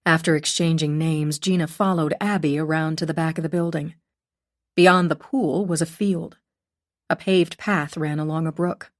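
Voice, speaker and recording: A woman narrating a mystery audiobook in a measured, even storytelling manner. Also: deep voice. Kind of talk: scripted narration.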